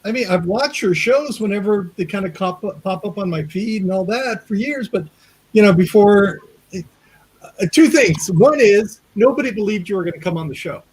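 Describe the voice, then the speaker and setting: A man's voice: high-pitched, expressive, normal speed, darkish tone, slight background noise, poor audio. A man hosting an interview show, asking friendly, rambling questions full of fillers. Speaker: show host. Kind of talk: casual interview chat.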